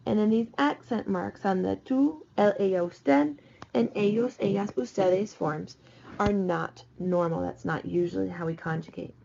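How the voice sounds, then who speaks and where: Gravelly-voiced woman teaching from slides. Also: medium pitch, warm tone. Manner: patient, repeats points, addresses students directly. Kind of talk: slide lesson. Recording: dull lo-fi recording.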